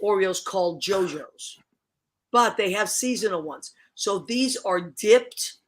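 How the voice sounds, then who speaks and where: A chatty middle-aged woman hosts a relaxed online show and walks her guests through her cooking. Her voice sits in an ordinary middle register for a woman. She restarts her sentences often and laughs easily. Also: mid-range voice, takes it slowly. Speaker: show host. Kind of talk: casual online chat show.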